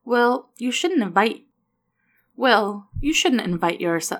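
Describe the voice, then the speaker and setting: A woman voicing a flustered mother who stammers and speaks a little higher. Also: fairly even intonation, moderate pace, natural voice.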